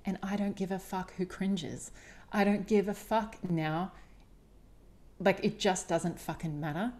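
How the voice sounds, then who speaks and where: A woman's voice: medium pitch, unhurried, dark tone. A woman hosting a solo podcast, speaking candidly and emphatically, often swearing. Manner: candid, confessional. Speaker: podcast host.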